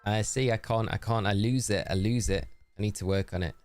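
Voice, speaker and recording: A man's voice: on the low side, brisk, a little mellow, no room sound, soft background music. A man with a tired voice, chatting casually and cheerfully with viewers while live-streaming a game. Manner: chatty and upbeat, thanking viewers by name.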